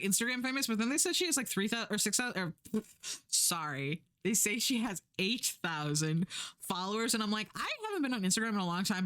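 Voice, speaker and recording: A young woman streamer casually retelling a drama plot, chatty and sarcastic, acting out lines in a higher voice. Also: a bit bright.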